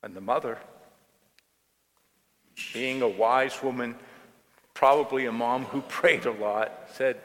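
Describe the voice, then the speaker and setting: A male pastor delivering a sermon at a very unhurried pace, his mid-range voice telling a story. The church around him adds a long, trailing reverb. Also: medium pitch.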